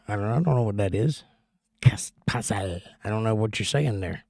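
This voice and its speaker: A man's voice: on the low side, expressive, moderate pace, gravelly, darkish tone, no room sound, clean studio sound. A man hosting a casual livestream, chatting easily and rambling in reply to viewer comments. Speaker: livestream host.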